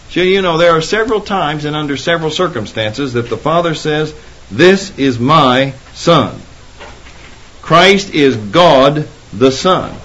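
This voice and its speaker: A man's voice: medium pitch, breathy edge. A man preaching a sermon, rising emphatically when quoting Scripture. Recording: dull lo-fi sermon recording.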